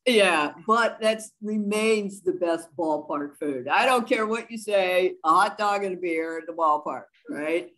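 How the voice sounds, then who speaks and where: A woman moderating a conference panel over a video call, asking questions and giving quick affirmations. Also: fairly low pitch, a bit bright, rough recording.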